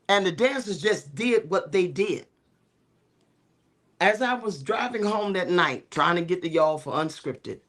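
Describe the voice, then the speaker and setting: With a medium-pitched voice, a middle-aged woman who is both a bishop and a co-host relates stories in a talk show conversation, speaking in an animated, preacher-like style peppered with fillers.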